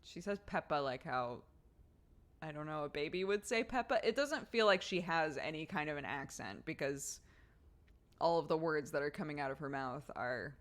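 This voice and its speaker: A woman's voice: low-pitched, normal speed, fairly bright tone. A young woman streamer chatting casually with her viewers, giggly and rambling as she tells stories. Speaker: streamer host reading chat.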